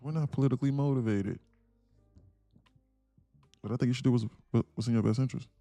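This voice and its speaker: A man's voice: medium pitch, fairly quick, gravelly, warm tone, dry recording, faint music behind. A man streaming live day trading, talking casually and laughing as he reads chat aloud. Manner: laid-back, chuckling, reads chat aloud.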